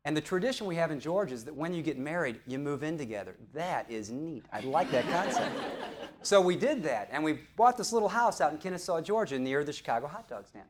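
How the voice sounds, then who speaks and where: A middle-aged man from St. Louis, a professional speaker telling a story on stage, animated and playful, quizzing the audience. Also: fairly high pitch, fairly quick, background noise. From St. Louis, USA. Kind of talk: storytelling keynote speech.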